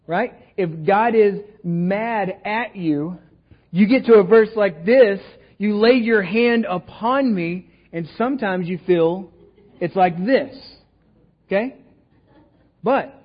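A man's voice: high-pitched, husky, lo-fi sound. A man with a Texan accent preaching a sermon in a casual, joking way, often checking in with the room. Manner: conversational, jokey, asks the room "right?" often. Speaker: pastor. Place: church sanctuary.

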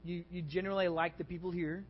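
A man's voice: high-pitched, flat delivery, quick pace, long reverb tail, lo-fi sound, a little hiss or hum. A man with a Texan accent preaching a sermon as pastor, earnest and conversational, rising in intensity.

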